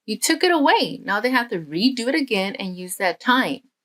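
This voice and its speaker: A patient father from a children's story, calm and kind as he explains things to his son, as a woman plays him in her own voice. He is gentle but firm. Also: fairly high pitch, normal speed.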